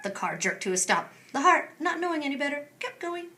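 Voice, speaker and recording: Woman reading a storybook aloud, bright tone, lively swooping delivery, animated. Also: high-pitched, a little fast, hardly any pauses. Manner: expressive, animated narration.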